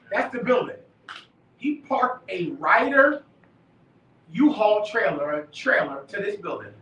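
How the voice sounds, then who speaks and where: A man leading a live class, preaching emphatically, dropping quiet then shouting. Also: high voice, slight background noise. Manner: emphatic, swings from quiet to shouting, laughs and swears. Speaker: class leader. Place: live meeting room. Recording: echoey room from far off.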